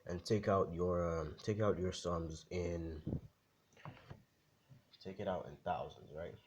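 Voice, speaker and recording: Cocky boy genius read by a man in his own deep voice, easygoing and slangy, faint hiss. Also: fairly even intonation, slow, muffled recording. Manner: casual, reassuring, slangy.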